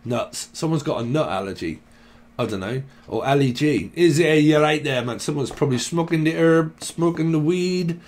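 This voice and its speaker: A man's voice: a little high, normal speed, darkish tone. A man reads tarot in a rambling, stream-of-thought way. He hops from name to name and word to word, tossing in jokes as he goes. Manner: free-associating, joking, lists names and words. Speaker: tarot reader. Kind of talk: rambling channeled tarot reading.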